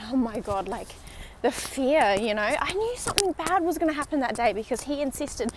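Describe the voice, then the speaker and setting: With a high voice and lively intonation, a young woman talks at normal speed through a walking vlog on a city riverside. She rambles into her handheld phone, dipping into whispers for asides, over slight background noise.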